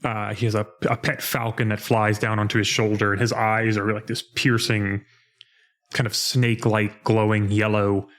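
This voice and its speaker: Animated man recapping a game. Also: fairly low pitch, moderate pace. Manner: animated, laughs, acts out quoted lines. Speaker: podcast co-host. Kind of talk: casual chat recapping a game.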